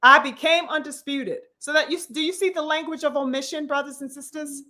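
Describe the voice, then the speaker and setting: Talking fast in a steady, high-pitched and slightly bright voice, a woman hosts a boxing commentary vlog. She launches into an opinionated rant, mocking and preachy, leaning on blunt, profane rhetorical questions and urging on her brothers and sisters.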